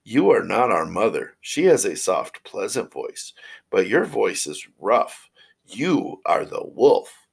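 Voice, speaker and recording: A man's voice: on the low side, sing-song, slow pace, gravelly, slightly rough, exaggerated voice. A man voicing a group of little goat kids in a fairy tale, speaking defiantly.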